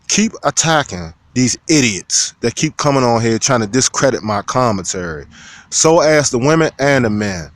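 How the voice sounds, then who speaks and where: A man talking straight to his viewers as a video commentator, loud, profane and preachy. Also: medium pitch, dry recording. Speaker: YouTube commentator. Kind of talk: casual vlog rant.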